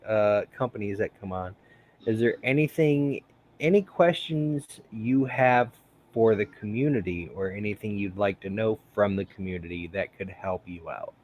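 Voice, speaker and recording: A man's voice: lowish voice, normal speed, a little mellow, highs cut off. A man hosting a casual live stream, rambling with many fillers and frequent laughs. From United States. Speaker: host.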